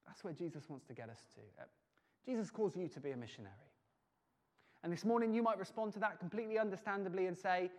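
A man preaching a sermon, earnest, moving between loud urging and soft, intimate passages. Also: high-pitched, expressive, brisk. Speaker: pastor. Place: church hall. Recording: long reverb of a church hall.

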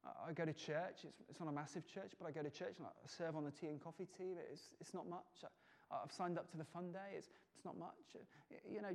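A man preaching a sermon, earnest, moving between loud urging and soft, intimate passages. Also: on the high side, steady tone, quick pace, vocal fry. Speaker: pastor. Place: church hall. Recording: long reverb of a church hall.

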